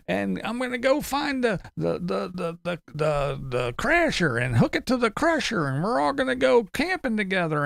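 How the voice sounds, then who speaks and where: A man's voice: very high-pitched, gravelly, fairly bright tone, dry recording, studio quality, voice pushed up, heavily acted. A man mocking someone by putting on the voice of a whiny, self-pitying older van dweller who complains and curses.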